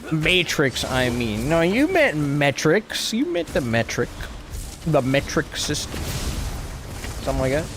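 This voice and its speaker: A man streaming a game live, trash-talking and reacting out loud in a goofy way. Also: on the high side, very animated, a little slow, slight background noise. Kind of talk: live gameplay commentary.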